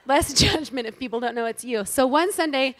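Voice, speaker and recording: High-voiced woman joking onstage. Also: fairly quick. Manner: self-deprecating, joking, animated. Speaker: inspirational speaker at a women's event. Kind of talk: humorous inspirational talk to a live audience. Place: on stage before a live audience.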